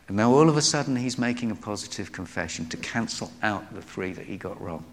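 A man's voice: sits low, fairly bright tone. A man giving a sermon, telling Bible stories with acted-out quotes. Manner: storytelling, acts out quoted voices. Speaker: preacher. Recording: long hall reverb.

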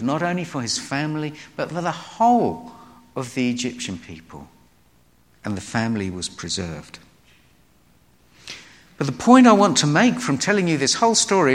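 A man's voice: medium pitch, fairly bright tone. A man giving a sermon, telling Bible stories with acted-out quotes. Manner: storytelling, acts out quoted voices. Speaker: preacher. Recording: long hall reverb.

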